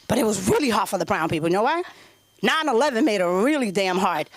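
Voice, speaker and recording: At an open mic, a thirtysomething New York woman fires off loud, animated, profane comedy in a brash style. Her voice is mid-range and fast, and the recording is dry.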